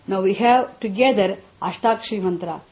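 A woman with a mellow, dark-toned, mid-range voice teaches a mantra class. She patiently explains step by step, often repeating and restarting, and slows into chanting.

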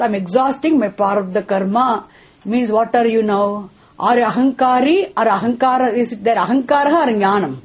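A woman's voice: fairly high pitch, darkish tone. A woman giving a philosophy lecture as a spiritual teacher, often stopping to quiz her listeners and repeating key terms for emphasis. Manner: quizzes listeners with rhetorical questions.

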